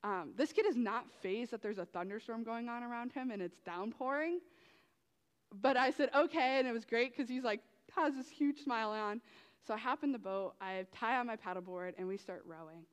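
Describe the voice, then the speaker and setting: A woman's voice: fairly high pitch, normal speed. Young woman telling a story in a hall. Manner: animated storytelling with many fillers. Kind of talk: testimony talk to youth. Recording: long hall reverb.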